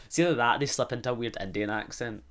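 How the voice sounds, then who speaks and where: A young man from Glasgow, Scotland, hosts a podcast of loose, sweary, comic chat. His mid-range voice is quick and a bit bright.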